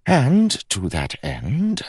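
A man voicing a playful, teasing young prince of about twenty, calm and wryly amused. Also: medium pitch, very slow, husky, dry recording, studio quality, pitched above the performer's own voice, heavily acted.

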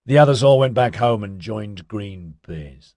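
A man voicing a laid-back, chatty young man who talks in hippie slang with an excitable drawl. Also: fairly low pitch, unhurried, no echo, clean studio sound. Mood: rambling.

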